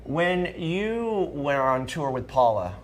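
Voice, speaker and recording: A man co-hosting a podcast, asking measured questions and chiming in with agreement. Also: fairly high pitch, very animated, a little hiss or hum. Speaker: host. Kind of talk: casual podcast interview.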